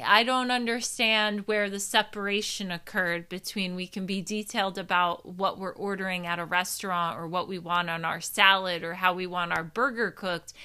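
A woman from New Jersey, USA, with a matching accent and a mid-range voice that sounds pushed and bright, delivers a casual monologue. As a personal growth host, she gives her community a candid self-help talk in a clean tone, swearing now and then.

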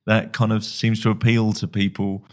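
A man's voice: lowish voice, flat delivery, moderate pace. A man hosting a podcast, asking rambling, friendly questions in a casual chat. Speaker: podcast host.

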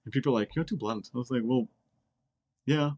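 Direct and blunt, a Czech-speaking Air Force member from the Czech Republic talks as a casual interview guest, repeating words often. His medium-pitched voice is a little mellow and moves fairly quickly.

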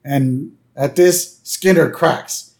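Male podcast co-host, casual recap chat, mid-range voice, relaxed with fillers. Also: mid-range voice, very slow, creaky. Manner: relaxed, hesitant with fillers, quotes lines in a plain voice.

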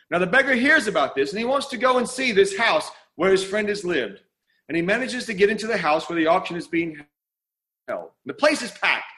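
A man delivering a sermon with an earnest, storytelling delivery. He paces his words dramatically and leans on repetition, in a fairly high speaking voice. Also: a bit bright. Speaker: preacher.

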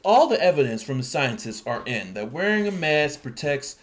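A man's voice: a little high, normal speed. Podcast guy chatting casually, gets all worked up ranting. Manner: animated, rising to exasperated rants. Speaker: podcast host.

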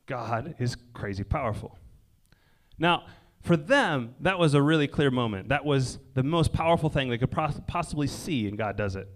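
A man giving a casual sermon in a conversational way, often checking in with "right?" and dropping his voice low and quiet for emphasis. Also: moderate pace. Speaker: preacher. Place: indoor gathering near a lake.

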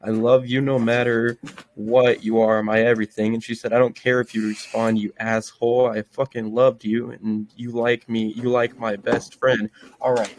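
A man's voice: medium pitch, little pitch movement, normal speed. A young man hosting a casual podcast, reading text messages aloud, swearing often and restarting his sentences. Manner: swearing, stops and restarts himself. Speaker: podcast host.

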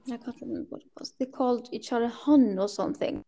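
A woman's voice: fairly high pitch, quick pace, noisy background. A woman with a Swedish accent, Swedish her first language, chatting as a podcast guest and often stopping and restarting as she searches for words. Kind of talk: casual podcast chat.

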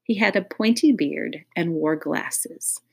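A woman's voice: on the low side, slow, creaky, husky. A woman reading a children's audiobook aloud in a playful way, speaking directly to young listeners. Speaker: audiobook reader.

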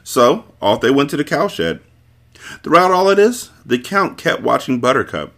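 A man hosting a book podcast, reading a novel aloud with expressive, animated storytelling. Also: mid-range voice, moderate pace.

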